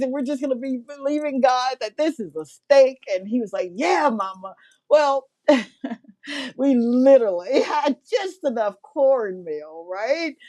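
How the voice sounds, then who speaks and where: Middle-aged woman from mississippi, faith show host, kinda high voice, heartfelt preachy testimony, laughs a lot. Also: darkish tone.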